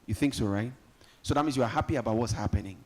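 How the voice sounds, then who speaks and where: A Nigerian man emcees a live summit in a conference hall. His pitch sits in the middle for a man, and his talk is lively and joking as he calls on the crowd. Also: fast talker. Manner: lively, joking, rallies the audience. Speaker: event host.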